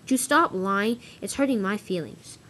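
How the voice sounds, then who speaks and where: A woman's voice: medium pitch, expressive, moderate pace, a bit bright, slight background noise, lightly acted. A woman voicing an earnest, wronged little male engine in a toy train story.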